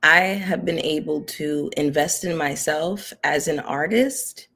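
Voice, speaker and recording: A young woman who comments on reality TV on YouTube sits before her camera, talking to regular viewers in a low, gravelly, fairly bright voice with fairly even intonation and a slightly slow pace. She rambles easily and sincerely, using lots of filler words as she thinks aloud.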